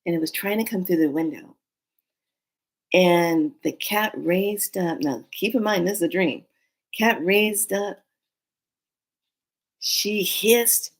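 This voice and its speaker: A woman telling a dream story in a casual, unhurried monologue, acting out the voices she quotes. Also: lowish voice, a little mellow. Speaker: spiritual storyteller.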